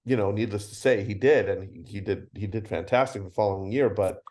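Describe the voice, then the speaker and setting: Speaking fairly quickly in a lowish voice, a middle-aged man who founded a convention recounts stories in a casual interview. He brings them to life by animatedly acting out the dialogue.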